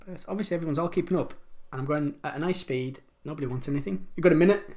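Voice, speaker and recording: A man's voice: a little high, racing, darkish tone. A man hosting a pub quiz live from home, chatty and rambling, joking about his own pronunciation as he reads out the questions.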